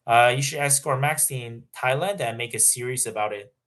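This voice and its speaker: A young man hosting a livestream, reading out viewer questions and answering in a halting, filler-heavy casual way. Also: medium pitch, fairly bright tone. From Canada. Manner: halting, many fillers and restarts, laughs often. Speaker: livestream host. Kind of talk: casual livestream chat reading super chats.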